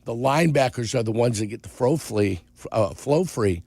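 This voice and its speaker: A man co-hosting sports radio, talking bluntly and teasing his partner, his voice gravelly and congested with sinus trouble. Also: mid-range voice, animated, moderate pace, darkish tone, dry recording. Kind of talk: casual sports talk. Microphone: studio broadcast mic.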